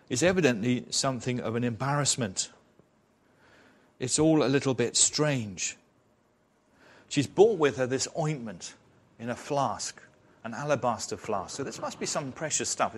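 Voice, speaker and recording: A man's voice: mid-range voice, expressive, moderate pace, husky. A man preaching an expository sermon in church, retelling a story in a conversational way with rhetorical questions.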